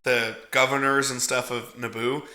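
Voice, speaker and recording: A man co-hosting a casual movie review podcast, talking in an animated, profane way and acting out character lines as he goes. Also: mid-range voice, moderate pace, roomy sound. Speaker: podcast co-host.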